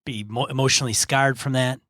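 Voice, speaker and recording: A man's voice: medium pitch, steady tone, fairly quick, bright, forceful tone, no room sound, studio quality. A man co-hosting a gaming podcast, talking in a casual, rambling way. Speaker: podcast co-host. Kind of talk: casual chat.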